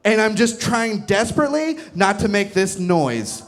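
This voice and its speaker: A male stand-up comedian with a high voice that leaps around as he tells a crude story. His delivery is animated and punctuated by his own laughter. He is on a comedy club stage, speaking into a handheld mic. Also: normal speed, a little hiss or hum. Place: comedy club stage before a live crowd.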